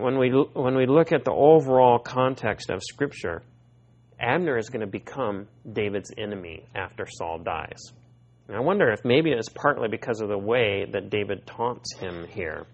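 A man's voice: mid-range voice, animated, normal speed. A man preaching a sermon who reads scripture aloud and keeps asking his listeners questions. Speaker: pastor. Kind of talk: expository Bible sermon.

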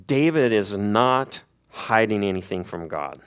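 A man with a fairly low voice delivers a sermon, retelling a Bible story in an earnest, storytelling way. He poses rhetorical questions to his listeners and lets his phrase endings sink low and quiet. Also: animated, unhurried. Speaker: preacher.

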